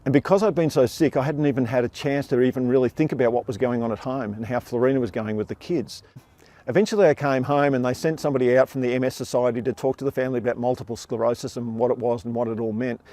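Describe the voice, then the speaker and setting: A man's voice: medium pitch, steady tone, fast, dark tone. An older man with an Australian accent telling his own life story on stage with wry, self-deprecating humour. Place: theatre stage before an audience.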